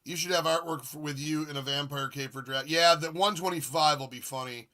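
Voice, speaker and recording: On his live retro gaming stream, a streamer host in his forties rambles casually, talking a little fast in a somewhat high, bright, edgy voice. He cracks jokes, reads his chat out loud, and gets excited responding to viewers.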